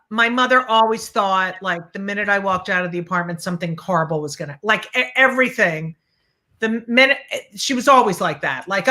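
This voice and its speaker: A woman comedian telling a comic story in an animated way. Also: medium pitch. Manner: animated, acts out voices, many fillers. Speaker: comedian guest.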